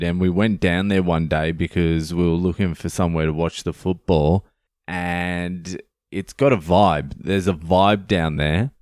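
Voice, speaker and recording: A deep-voiced Australian man tells a story on his podcast in a loose, unhurried ramble, swearing freely and joking at his own expense. His voice is smooth and full, and it sits close and dry with no room sound around it. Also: a little mellow, no echo. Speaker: podcast host. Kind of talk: casual storytelling monologue.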